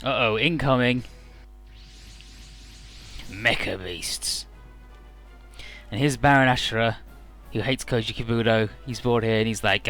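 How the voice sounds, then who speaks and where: A man gives casual commentary on a video game, joking and rambling with frequent "uh" fillers. His voice sits at an ordinary middle pitch. Faint game music plays behind him. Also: fairly even intonation, a little slow, pauses often, fairly bright tone. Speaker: video game let's player.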